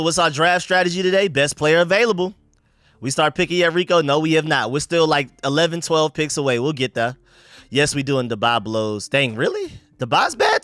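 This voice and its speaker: On his live sports stream, a young American man reads through viewer comments in a relaxed, slangy way, often circling back and restarting. His voice sits on the high side, fairly bright and smooth, captured as clean studio sound without any room ambience.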